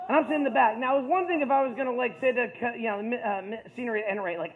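Guy from the ohio valley telling a rambly story, self-mocking, high voice, tinny phone-like audio. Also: very fast, few pauses. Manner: casual, rambling, self-mocking, heavy on fillers. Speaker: speaker. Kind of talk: storytelling talk to an audience.

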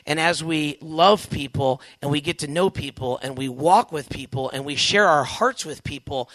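A man giving a lively testimony talk to young Catholics, acting out quoted dialogue with big swings in pitch and volume. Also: dry recording. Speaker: Catholic speaker addressing young people.

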